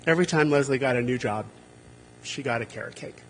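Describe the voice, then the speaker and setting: Speaking a little fast at medium pitch, a man is heard with a long reverb tail and background noise. His eulogy for a friend and colleague at a memorial service is humorous and anecdotal, enlivened by acting out people's words.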